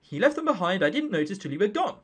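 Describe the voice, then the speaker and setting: A man's voice: high voice, very animated, fast, fairly bright tone, husky, exaggerated voice. A man playing a curt, formal young Southerner. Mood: polite.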